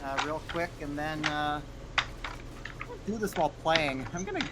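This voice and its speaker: A young man co-hosting a casual podcast, talking haltingly with many fillers while he plays a game. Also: a little high, animated, heavy background noise. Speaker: podcast co-host. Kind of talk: casual chat while gaming.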